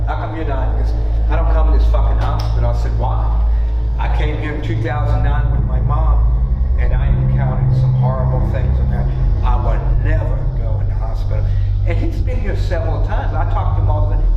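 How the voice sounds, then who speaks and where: Guy leading a tour telling a story, swears a lot, slightly high voice, long hall reverb. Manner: blunt, profane storytelling. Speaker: tour guide. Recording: echoey hall, far from mic, dull with noise.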